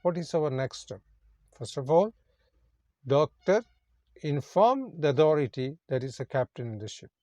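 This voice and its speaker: A man's voice: fairly high pitch, big pitch swings, normal speed, long pauses, darkish tone, dry recording, dull audio. A man teaching English, reading a story passage aloud and then explaining its words in simple phrasing, repeating each meaning.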